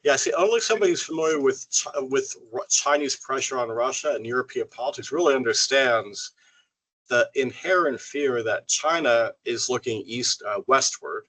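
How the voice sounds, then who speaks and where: A man's voice: medium pitch, normal speed, fairly bright tone, poor audio. An older man giving a lecture and answering questions in a chatty, joking way, often restarting his sentences. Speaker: guest lecturer.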